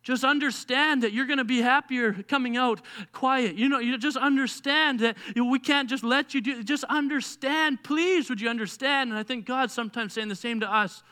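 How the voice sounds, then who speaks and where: A young male pastor preaching a sermon, animated and acting out dialogue as he tells a story. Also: extremely high pitch, normal speed, few pauses, smooth.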